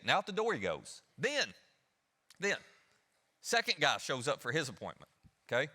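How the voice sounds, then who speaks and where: A man's voice: a little high, wildly swooping pitch, moderate pace, long pauses, sharp tone. A male pastor preaching a sermon, telling a story conversationally, acting out the characters and putting questions to the congregation. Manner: conversational, asks the audience questions.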